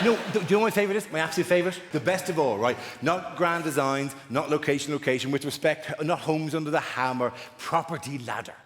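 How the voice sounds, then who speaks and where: A man doing stand-up comedy on a large theatre stage, chatting with the crowd in an animated way and throwing rhetorical asides to the audience. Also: a little high. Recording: roomy hall with loud audience noise.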